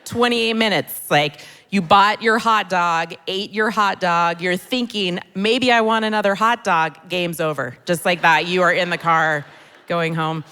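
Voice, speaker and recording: A woman's voice: lowish voice, sharp tone. Middle-aged woman doing stand-up in a hall. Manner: self-deprecating, conversational, pausing for audience laughs. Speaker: comedian. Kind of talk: stand-up comedy. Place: church hall on stage. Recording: long hall reverb.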